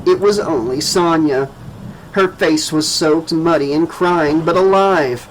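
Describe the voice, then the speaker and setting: A man narrating a horror novel as an audiobook, measured and dramatic. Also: a little high, soft background music, rough recording. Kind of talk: scripted narration.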